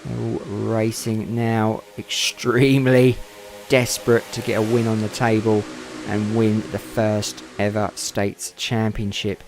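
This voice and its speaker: A man giving casual live commentary on a simulated car race, chatting to viewers and getting excitable. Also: unhurried, a little hiss or hum. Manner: chatty, talks to viewers in chat, gets excited and pitch jumps up. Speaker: sim racing commentator.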